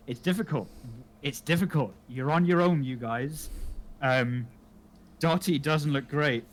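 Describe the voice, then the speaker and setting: A man narrating a tabletop game as dungeon master, halting and full of fillers. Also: on the high side. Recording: faint background noise.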